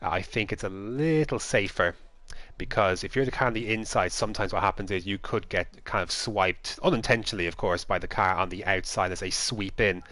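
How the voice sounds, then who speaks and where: A man giving lively play-by-play commentary on an esports race, chuckling now and then. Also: lowish voice, fairly quick, dry recording. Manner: lively play-by-play with light laughs.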